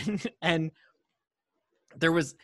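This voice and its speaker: Laughing, chatty man with a higher voice. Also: drawn-out words, no echo, clean studio sound. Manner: laughs often, animated retelling. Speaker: podcast co-host. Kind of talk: casual movie chat.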